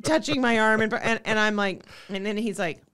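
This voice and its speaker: A woman guest on a comedy podcast, telling stories in an animated, quick-witted way. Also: mid-range voice, smooth, no echo, clean studio sound. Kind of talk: comedic casual chat.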